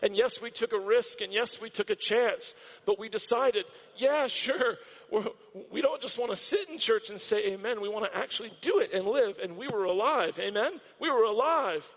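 A man's voice: high voice, fairly quick, a bit bright. A man preaching a sermon with impassioned repetition, recorded in a church hall. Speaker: pastor. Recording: dull sound with long hall reverb.

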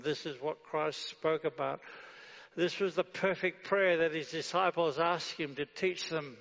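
Man, preacher, sermon, slightly high voice, gravelly, long hall reverb. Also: unhurried, fairly bright tone, highs cut off. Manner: rhetorical questions answered with a firm no; leads the congregation in reading prayer aloud.

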